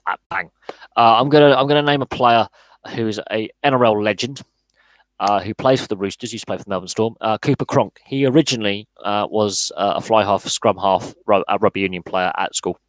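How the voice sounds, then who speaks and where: Low-voiced guy ranting bluntly on a sports podcast, stumbles and repeats words, dead dry sound. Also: brisk, no echo, low-quality recording. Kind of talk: live podcast Q&A, casual opinionated chat.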